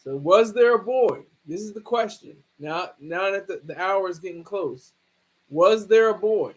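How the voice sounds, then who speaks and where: A man hosting a livestream, talking through a case in a rambling, halting way with many restarts. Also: sits high, expressive, low-quality recording. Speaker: livestream host. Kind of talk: casual livestream commentary.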